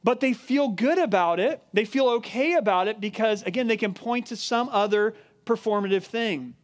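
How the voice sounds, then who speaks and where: A man preaching a sermon in an earnest, emphatic way, slowing down to stress key words. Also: high-pitched. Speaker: pastor.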